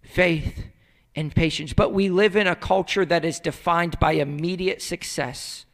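A man preaching in a high, light register, talking to his congregation like old friends. He acts out everyday conversations, his voice near to a hush, then climbs into loud, pleading bursts. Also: moderate pace, long reverb tail. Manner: conversational preaching, acts out little dialogues, swings from loud to hushed. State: emotional at moments. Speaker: pastor. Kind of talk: sermon.

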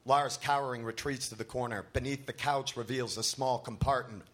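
Male comedian, comic story reading, bright tense voice, straight delivery. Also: medium pitch, steady tone, fairly quick, hardly any pauses.

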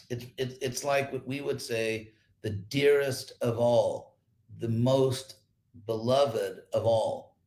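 A man teaching Sanskrit scripture in an online class, explaining words slowly and repeating himself as he thinks. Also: mid-range voice, reverberant. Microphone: computer mic.

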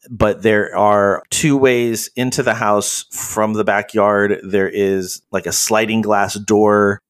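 Man, game master, lower pitch, halting scene narration. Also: fairly bright tone. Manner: descriptive, halting with fillers.

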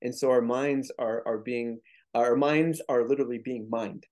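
A man's voice: mid-range voice, fairly even intonation, moderate pace, mellow. A man speaking as a guest author in a casual interview, explaining his points earnestly with frequent restarts.

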